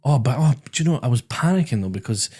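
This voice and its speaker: A Scottish man hosting a podcast in a small studio, chatting casually with a guest. He tells anecdotes in a relaxed, mid-range voice and laughs at his own stories. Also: medium pitch, quick pace, husky. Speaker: podcast host and driving instructor. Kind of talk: casual chat.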